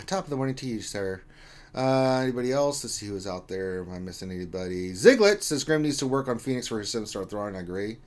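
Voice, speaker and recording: A man co-hosting a casual gaming livestream, reading viewer comments aloud in a loose, joking way with some mild swearing. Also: mid-range voice. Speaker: livestream co-host.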